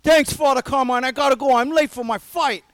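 A man putting on a Philadelphia accent as a rushed, eager young boxer, shouting and pleading in a street-tough drawl. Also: very high voice, dry recording, pitched above the performer's own voice. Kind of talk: impression within a sermon.

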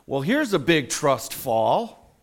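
Guy telling a story at church, animated, voice goes up and down a lot, lots of um and like. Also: a little high, takes it slowly. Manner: animated storyteller, many fillers and restarts. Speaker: school district staff sharing a testimony at church. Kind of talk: informal church talk.

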